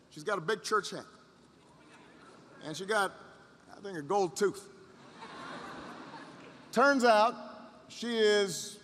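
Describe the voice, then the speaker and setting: A man with a high, bright, forceful voice tells a long story to a crowd in a large hall. The sound rings with long reverb. He repeats lines for effect and pushes the emphasis higher as the story builds. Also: slight background noise. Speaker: public speaker. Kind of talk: motivational storytelling speech.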